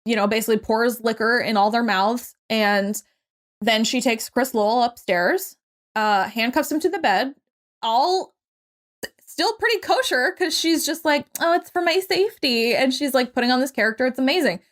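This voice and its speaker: A young adult woman co-hosting a podcast, casually recapping a movie with lively quoted voices and the odd swear word. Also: a little high, moderate pace. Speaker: podcast co-host.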